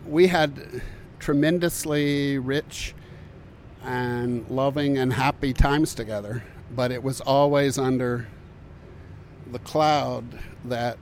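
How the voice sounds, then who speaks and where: An older man talks slowly through his memories in a reflective interview, pausing often and restarting his sentences. His voice sits at an ordinary middle pitch. Faint background noise hums behind him in an outdoor courtyard. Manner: thoughtful, halting, with many fillers and restarts. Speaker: interviewee recalling community work.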